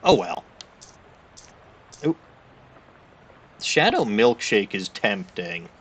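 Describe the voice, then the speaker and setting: A man's voice: on the low side, very animated, extremely slow, a bit bright, breathy edge. Man muttering through a game stream. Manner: rambling, mumbles to himself, self-correcting. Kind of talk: casual game commentary.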